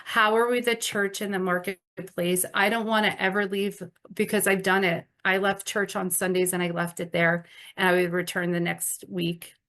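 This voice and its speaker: A woman's voice: mid-range voice, little pitch movement, moderate pace, a bit bright. A woman in her forties giving an earnest, emotional testimony talk as a conference speaker, stumbling and restarting as she tells her story. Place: conference stage.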